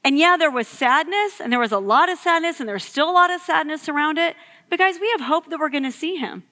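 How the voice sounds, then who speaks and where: A woman in her thirties preaches to a youth gathering, telling a personal story in an easy, conversational way full of "like" and "um." Her voice sits high and sounds bright and forward. It carries a long echo from the hall she speaks in. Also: brisk. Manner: storytelling, conversational with many fillers. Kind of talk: sermon. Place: church hall. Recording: echoey hall.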